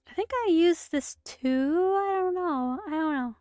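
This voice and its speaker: A woman's voice: very high-pitched, a little slow, warm tone, dry recording, clean studio sound. A woman streaming a movie watch-along, chatting casually with rambling asides and self-interruptions. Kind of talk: casual live commentary. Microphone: streaming setup.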